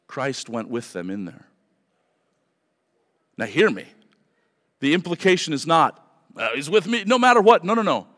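Male pastor, mid-pitched voice, emphatic sermon delivery, long hall reverb. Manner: earnest, emphatic preaching with repeated phrases.

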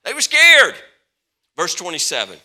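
A male pastor delivers a sermon in a strikingly bright, forceful voice that sits a little high for a man and leaps all over its range. He tells his stories with dramatic jumps from loud outbursts to quiet, hushed lines. He often repeats words and restarts his sentences as he goes. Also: measured pace. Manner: animated storytelling, swinging from loud to hushed.

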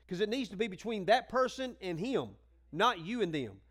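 A man with a high voice preaches to his congregation in a folksy, conversational way. He acts out the people in his stories and climbs into fervent, rousing exhortation. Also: lively intonation, normal speed, pushed and bright. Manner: acts out quoted voices in dialogue. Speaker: pastor. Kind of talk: sermon.

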